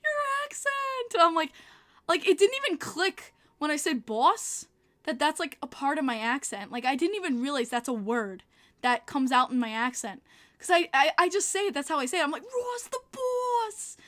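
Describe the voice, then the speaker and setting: A woman's voice: high voice, lively intonation, a little fast, fairly bright tone. A woman with a Long Island New York accent, hosting a casual livestream podcast and chatting with viewers, laughing often. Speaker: podcast host reading live chat.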